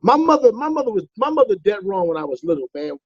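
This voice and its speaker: A man's voice: high-pitched, fast, dry recording, lo-fi sound. A man from the Bronx, a comedian telling playful, teasing stories in a casual interview. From the Bronx, New York. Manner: animated storyteller, playful teasing. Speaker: comedian guest.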